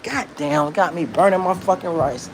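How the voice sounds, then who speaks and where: High-voiced man telling a profane story. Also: moderate pace, background noise. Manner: profane, slangy, rambling. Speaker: commentator. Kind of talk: casual storytelling commentary. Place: kitchen, cooking while talking.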